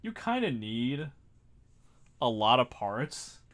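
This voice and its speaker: A man chatting casually to his viewers while he builds a model kit. His pitch swings up and down a lot. He rambles, mocks himself and often breaks into laughter. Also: sing-song, takes it slowly, fairly bright tone. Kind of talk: casual livestream chat.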